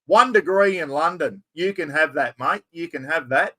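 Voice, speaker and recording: A man with an Australian accent chats loosely on a live stream. His voice sits a little high for a man. He rambles, laughs and greets people by name. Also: normal speed, a bit bright. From Queensland, Australia. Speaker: livestream host. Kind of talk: casual live-stream chat.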